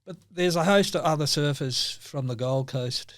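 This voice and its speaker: A man's voice: a little high, normal speed, dry recording, clean studio sound. An older Australian man, a podcast guest in casual chat, telling rambling anecdotes and laughing often.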